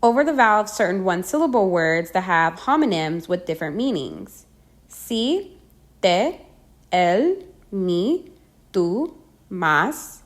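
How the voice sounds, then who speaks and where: A woman teaching a pronunciation lesson, reading out example words slowly and carefully. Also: medium pitch, very animated. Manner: slow, careful, spells out sounds and repeats example words. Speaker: language teacher.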